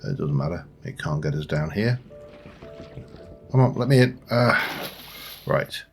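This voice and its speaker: Over faint background music, a gaming channel host with a very deep voice talks a little slowly and animatedly. His let's play commentary is casual and meandering, and he chats with the creatures in his game while playing.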